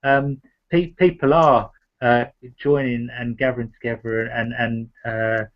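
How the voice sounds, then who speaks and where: A man hosts a talk discussion at a medium pitch. He speaks haltingly, with plenty of ums and restarts. The sound is dull and lo-fi. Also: little pitch movement. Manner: halting, many fillers and restarts. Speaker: host. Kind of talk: casual discussion.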